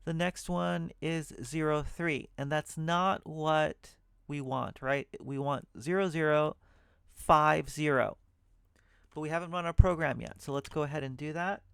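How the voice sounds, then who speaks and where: A man talking through code at an unhurried, deliberate pace, pausing to reason and fix his own slips. His voice is a touch high for a man, smooth and resonant with a gravelly edge. He speaks into a desk mic at his computer. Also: steady tone, no echo, clean studio sound. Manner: thinking aloud, self-correcting, muttering asides. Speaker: programming tutor. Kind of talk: screen-recorded coding walkthrough.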